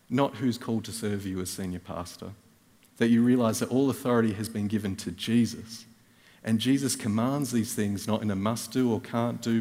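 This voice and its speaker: Aussie guy preaching, lowish voice, tells a story with self-mocking jokes, big echoey church sound. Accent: Australian. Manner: animated storytelling with wry self-mocking asides. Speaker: guest preacher. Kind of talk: storytelling sermon. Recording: reverberant church hall.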